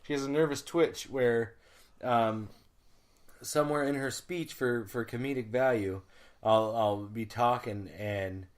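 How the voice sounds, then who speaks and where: A man in his thirties who co-hosts a podcast. He rambles through a casual chat, swears freely, laughs often and clears his throat. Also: mid-range voice, unhurried. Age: 30s. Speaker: podcast co-host.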